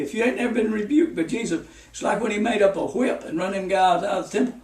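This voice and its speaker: A man's voice: high-pitched, fast talker, darkish tone, recorded from a distance. A man preaching a folksy sermon full of stories and repeated warnings. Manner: folksy, repetitive warnings with anecdotes. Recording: echoey room, speaker off-mic.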